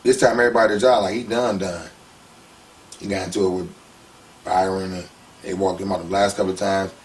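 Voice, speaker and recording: A man in a casual interview telling his story in an animated, slangy way. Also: deep voice, brisk, recorded from a distance. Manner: animated, slangy, heats up when retelling conflicts.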